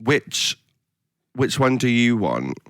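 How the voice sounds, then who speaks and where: A man hosting a podcast in casual chat, playful and full of quick quips. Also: mid-range voice, sing-song, a bit bright, dry recording, clean studio sound. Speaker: podcast host.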